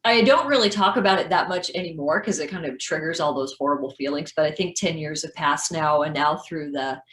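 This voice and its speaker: A woman in her fifties candidly telling a personal story on a video call, animated and frank. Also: sits low, a little fast, roomy sound, rough recording. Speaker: guest speaker.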